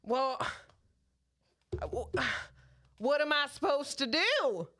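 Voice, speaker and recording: Woman putting on a bewildered Southern customer, whiny and indignant, voice a bit higher and off-mic. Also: big pitch swings, drawn-out words, a bit bright, heavily acted. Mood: exasperated.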